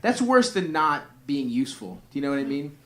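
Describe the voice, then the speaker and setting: A comic from a Greek family riffs crudely with the crowd at a comedy club, rambling and cracking himself up. His slightly high voice is very animated and fairly quick. The live recording captures the audience.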